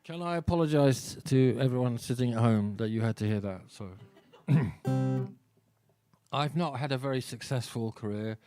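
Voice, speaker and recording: A man's voice: medium pitch, moderate pace, warm tone, soft background music. A man, a singer-songwriter, telling wry, self-deprecating stories between songs at a small live show.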